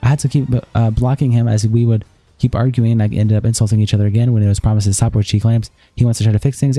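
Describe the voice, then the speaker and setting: Man, streamer, reading a statement aloud, very rapid, flat delivery, dark mellow tone. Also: mid-range voice. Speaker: live streamer.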